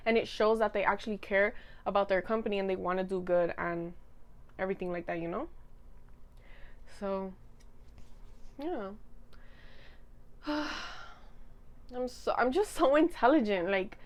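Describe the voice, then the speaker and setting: A woman's voice: mid-range voice, moderate pace, pauses often. A young woman in her twenties chatting casually to camera, rambling, giggling and teasing herself while she eats. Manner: rambling, giggly, self-mocking. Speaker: vlogger. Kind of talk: casual chat.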